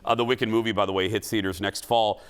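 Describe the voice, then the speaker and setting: This man hosts a talk show and talks quickly about entertainment news in a loose, casual way. His fairly low voice is clear and resonant, and his animated, rambling delivery keeps breaking off and restarting.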